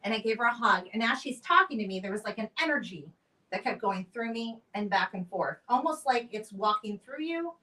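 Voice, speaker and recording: A woman's voice: fairly high pitch, lively intonation, a little fast, pushed and bright, recorded from a distance, rough recording. Chatty woman in her forties, off-mic. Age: 40s. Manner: chatty storyteller, acts out quotes. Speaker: building owner. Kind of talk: casual chat.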